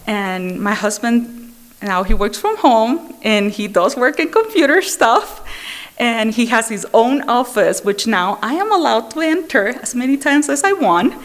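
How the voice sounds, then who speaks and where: A woman speaker at a recovery meeting, sharing her own story in a candid, self-mocking way, with frequent fillers and restarts. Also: on the high side. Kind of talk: personal recovery share at a meeting. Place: meeting room.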